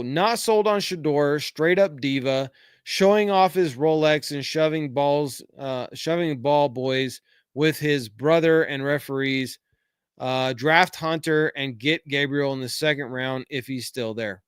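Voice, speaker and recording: A man's voice: on the high side, measured pace, smooth, no echo, studio quality. A middle-aged man hosting a casual podcast, reading viewer comments aloud and giving frank, rambling opinions full of fillers. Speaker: podcast host. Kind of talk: casual live-chat podcast.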